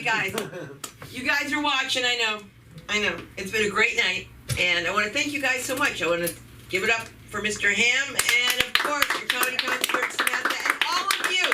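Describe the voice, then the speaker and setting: Woman, comedy night host, bubbly, high lively voice, distant mic, loud noise. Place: comedy club.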